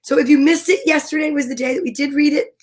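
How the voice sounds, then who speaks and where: A woman's voice: high-pitched, fast. A woman hosting a children's storytime, chatting and reading a picture book aloud in a bubbly, friendly way. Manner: bubbly and chatty, talks straight to young listeners.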